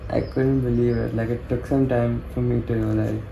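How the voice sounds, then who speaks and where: A man's voice: medium pitch, level tone, moderate pace, gravelly, mellow, a little hiss or hum, rough recording. A young man chatting casually, drawling and swearing freely. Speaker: friend being surprised. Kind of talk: casual chat.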